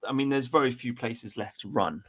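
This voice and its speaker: A man's voice: medium pitch, brisk, fairly bright tone, husky. A man chatting on a podcast, ranting and swearing heavily. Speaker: podcast co-host. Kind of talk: casual chat.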